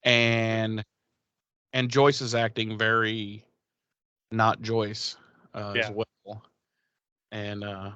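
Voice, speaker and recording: A man's voice: on the low side, little pitch movement, slow pace, bright, forceful tone, clear, resonant tone, no room sound, highs cut off. Rambling man recapping a show. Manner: rambling, swearing, acts out characters' lines. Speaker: podcast co-host. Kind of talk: casual episode recap chat.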